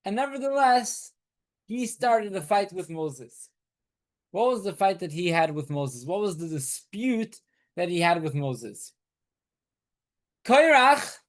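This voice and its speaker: Teaching Torah to a small group in his weekly class, a rabbi with a high voice explains things patiently. He repeats what matters most, asks rhetorical questions, and turns to his students to question them.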